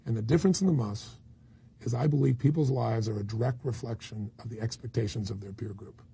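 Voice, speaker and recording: In a frank interview, a motivational speaker tells stories with blunt emphasis and the occasional curse word. His deep voice is raspy and gravelly, fairly quick and mellow, and there's a slight hiss or hum in the recording.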